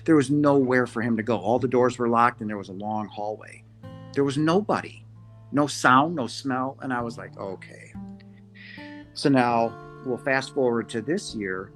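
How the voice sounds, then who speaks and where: A man, a podcast guest, earnestly recounting a personal encounter, halting with restarts and quoting himself as he goes. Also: mid-range voice, faint music behind. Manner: earnest, halting, many restarts and quoted asides. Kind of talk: first-person storytelling.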